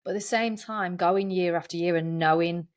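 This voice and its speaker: A woman's voice: on the low side, fairly even intonation, moderate pace. A woman guesting on a podcast, telling her story in a candid, earnest way in casual interview chat.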